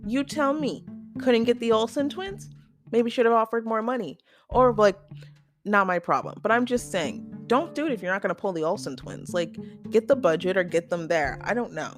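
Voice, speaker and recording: A young adult woman hosting a casual solo podcast, chatty and opinionated, full of "like" and quick asides. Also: medium pitch, animated, soft background music. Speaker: podcast host.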